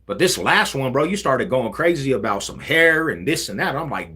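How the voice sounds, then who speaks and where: A man hosting a casual livestream, talking in animated street slang. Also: mid-range voice, a little slow, breathy edge. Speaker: livestream host.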